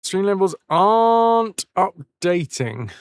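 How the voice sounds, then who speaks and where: A British man reads a campfire story aloud on his live stream, his voice sitting a little high for a man. He keeps halting to repeat tricky words and swears at himself when he slips. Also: sing-song, clean tone, no room sound, studio quality. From Britain. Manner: self-correcting, swears, repeats words to practise them.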